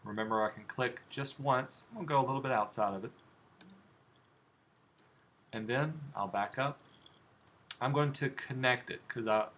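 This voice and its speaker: This man leads a live software demo for his design class, clicking through steps and asking students questions in a relaxed manner. He speaks at medium pitch and normal speed but leaves long pauses. Faint background noise is audible.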